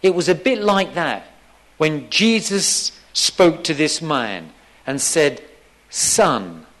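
Guy preaching a sermon, high voice, slow and emphatic, repeats stuff for weight. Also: sing-song. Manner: acts out quoted lines in a softer, lower voice.

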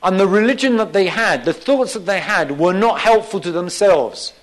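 A man's voice: lively intonation, normal speed. A man preaching a sermon, emphatic and repeating key phrases for weight. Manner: acts out quoted lines in a softer, lower voice.

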